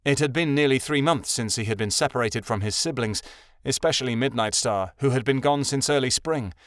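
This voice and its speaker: A man narrating a young adult fantasy audiobook in an even, measured reading. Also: mid-range voice, no echo, clean studio sound. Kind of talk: scripted narration.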